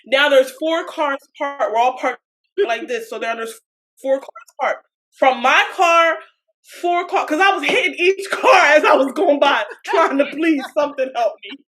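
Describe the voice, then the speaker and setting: Woman co-host, high voice, animated storyteller who keeps breaking into tearful laughter. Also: a little slow. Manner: laughs through her story, giggly and animated. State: crying with laughter. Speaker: podcast co-host. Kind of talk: casual chat, storytelling.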